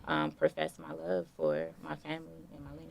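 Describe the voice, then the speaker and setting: A woman guest in a casual interview, telling relaxed stories full of fillers. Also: low-pitched, brisk, gravelly. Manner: relaxed storytelling with many fillers.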